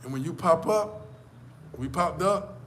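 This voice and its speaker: A man's voice: a little high, a little slow, background noise. Emphatic, profane man. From United States. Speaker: vlogger. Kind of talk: casual storytelling rant.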